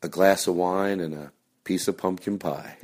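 A man hosting a comedy podcast, talking casually and at times in a hushed voice. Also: sits low, steady tone, moderate pace. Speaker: podcast host. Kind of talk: casual chat recorded afterwards.

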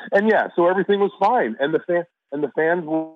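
A middle-aged man from Chicago, an actor guest telling stories in a relaxed, casual interview, often restarting his sentences. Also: sits high, moderate pace, faint music behind. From Chicago, USA. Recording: dry, phone-like line.

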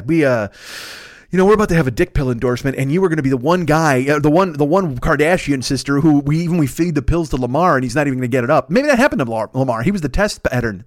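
A man's voice: a little high, no echo, clean studio sound. A man riffing in a rambling, profane comedic monologue as a podcast host, laughing often and correcting himself.

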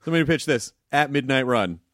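Animated, jokey male podcast host. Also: mid-range voice, moderate pace, no echo. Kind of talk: casual comedy chat.

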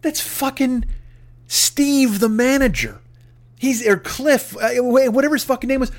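A man's voice: very high voice, lively intonation, unhurried. A man delivering an angry, profane, mocking comedic rant.

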